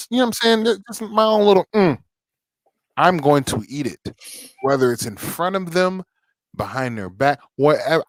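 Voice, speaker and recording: A man co-hosts a relaxed podcast, speaking in slangy, easygoing banter and laughing readily. His voice is at a middle pitch and sounds dry and close, with no room echo. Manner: laid-back, slangy banter with easy laughter. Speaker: podcast co-host. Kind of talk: casual chat.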